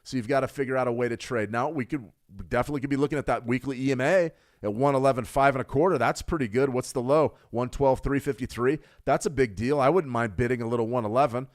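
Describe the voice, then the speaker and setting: A man hosts a live trading stream with energetic market commentary, repeating key phrases for emphasis and answering viewers in chat. His voice is medium-pitched and he talks fast.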